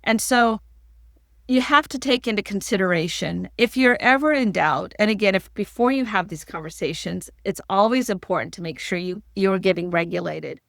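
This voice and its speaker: A woman guest on a podcast, calmly giving practical workplace advice. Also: mid-range voice, normal speed, vocal fry, no echo, studio quality. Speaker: podcast guest, leadership expert. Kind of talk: advice-giving interview talk.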